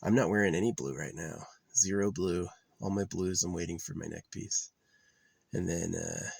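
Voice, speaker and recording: A man's voice: deep voice, gravelly, dry recording, rough recording. A man vlogging in a casual, rambling monologue, talking off the cuff with plenty of profanity.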